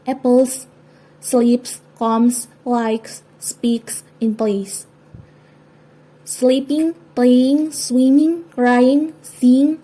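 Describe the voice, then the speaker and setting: Slow, dark-toned woman reading word lists. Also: a little high, rough recording. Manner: slow, careful listing of example words. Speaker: student presenter. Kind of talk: reading a class presentation.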